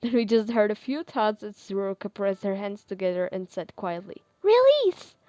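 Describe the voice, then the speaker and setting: A woman's voice: medium pitch, fairly even intonation, normal speed, dark tone, dry recording, clean studio sound. Casual woman reading fan fiction. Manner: casual, with fillers and small laughs. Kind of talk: casual storytelling and chat.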